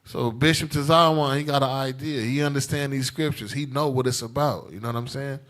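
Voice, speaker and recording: A man's voice: medium pitch, a little fast, a bit bright. Emphatic man preaching a Bible class. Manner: emphatic, repetitive, calls for responses, tag questions. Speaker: teacher leading a scripture class.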